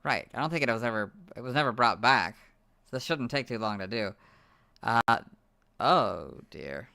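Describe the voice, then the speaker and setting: A young man who is losing his voice, muttering asides while editing on a livestream, then reading out stat entries loudly. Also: mid-range voice, animated, moderate pace, gravelly. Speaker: video creator editing on a livestream. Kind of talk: casual livestream chat and reading out stats.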